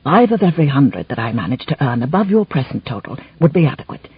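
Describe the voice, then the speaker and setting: A woman voicing an older lord and gentle stepfather, with measured, old-fashioned speech, in a slightly muffled recording. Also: extremely low pitch, sing-song, husky, no echo, pitched below the performer's own voice, full character voice.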